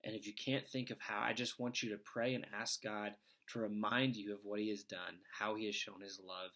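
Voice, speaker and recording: A man's voice: fairly low pitch, little pitch movement, fairly quick, bright, forceful tone. A man reading scripture and then giving an earnest, conversational devotional talk, with frequent fillers. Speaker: devotional speaker.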